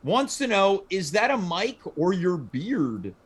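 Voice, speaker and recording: Animated high-voiced man hosting a chat. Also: slow, husky. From Canada. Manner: playful, animated, mock-formal questions. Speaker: host. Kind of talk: casual chat on a livestream show.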